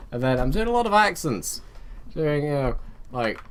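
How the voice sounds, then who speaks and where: A man's voice: fairly high pitch, big pitch swings, normal speed, a little hiss or hum. A man rambling jokily through his own strategy game playthrough, often trailing off mid-sentence. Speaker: let's play host. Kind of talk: rambling gameplay commentary.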